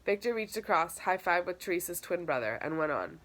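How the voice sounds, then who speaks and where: A woman's voice: lowish voice, sing-song, a little fast, a bit bright. Woman narrating an audiobook in first person.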